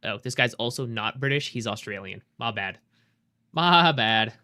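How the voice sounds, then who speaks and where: A man's voice: on the low side, fairly quick, bright, forceful tone. A young man streaming a game, chatting loosely with his viewers and swearing casually. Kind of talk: casual live-stream chat while gaming.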